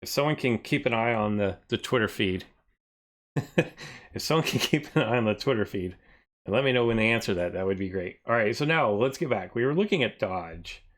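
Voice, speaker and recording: A man chatting casually on a live stream, thinking aloud and often trailing off into quieter mumbles as he reads from his screen. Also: lowish voice, lively intonation, normal speed.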